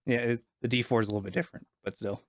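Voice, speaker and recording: A man in a mid-pitched voice runs a tabletop game, casual and loose, trailing off and restarting often. The sound is dry and close, no room in it. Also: steady tone, racing, no echo. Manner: casual, many fillers and restarts. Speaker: game master.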